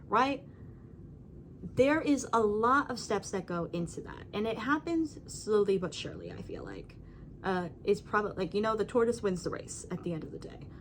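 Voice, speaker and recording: A woman vlogging from home in a casual, rambling talk straight to camera, speaking at a middling pitch. She stays emphatic and keeps checking in with her viewers. There is a faint hiss behind her voice. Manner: emphatic, rambling, frequent "right?" and "you know". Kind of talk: casual talking-head monologue.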